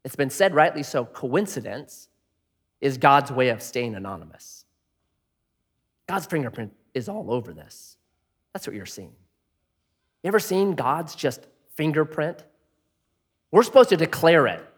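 A middle-aged man preaching a sermon in an animated, jokey way, often acting out voices. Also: on the high side, measured pace, long pauses, husky. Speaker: pastor. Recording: long hall reverb.

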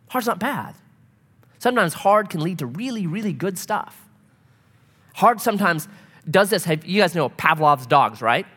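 A middle-aged man preaching a sermon, telling stories in an animated way and swinging from loud to soft. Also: on the high side. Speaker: pastor. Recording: long hall reverb.

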